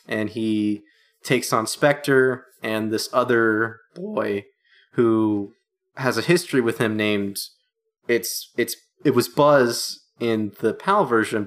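A man's voice: medium pitch, a bit bright. A man co-hosting a casual podcast, telling a story with enthusiasm and jokes. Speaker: podcast co-host.

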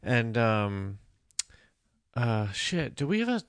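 A man's voice: medium pitch, very animated, slow pace, smooth, no echo, clean studio sound. A man in his forties hosting a podcast, joking and rambling in casual chat. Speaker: podcast host.

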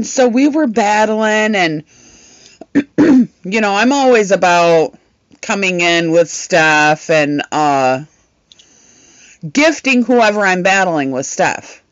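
A woman co-hosting a casual chat, telling stories in an animated way, swearing freely and laughing often. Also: mid-range voice, takes it slowly, long pauses, no room sound, highs cut off. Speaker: podcast co-host and live streamer.

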